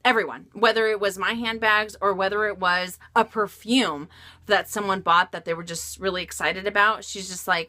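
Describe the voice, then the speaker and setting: A woman's voice: medium pitch, fairly even intonation, normal speed, sharp tone. A woman vlogger answering viewer questions about luxury bags in frank, chatty talk with frequent laughs and fillers. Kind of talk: casual Q&A vlog chat.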